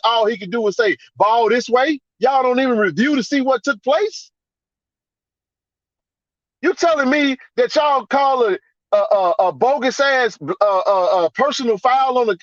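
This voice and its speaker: A man hosting a live sports reaction stream, ranting in a fired-up, profane way and repeating himself for emphasis. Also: no room sound. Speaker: podcast host. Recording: dry, dull low-fi sound.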